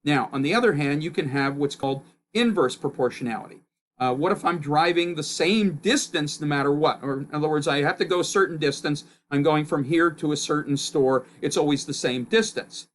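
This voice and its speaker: Guy teaching intro physics online, kinda loud and emphatic, voice jumps up on the key bits, bit of hiss behind. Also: a little high, fairly quick. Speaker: physics instructor. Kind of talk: recorded course lecture.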